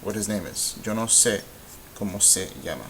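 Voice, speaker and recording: A man with a low voice talks through a recorded grammar lesson. He explains in a relaxed way, filling pauses with ums and uhs. A faint hiss runs under the recording. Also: low-quality recording. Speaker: Spanish teacher.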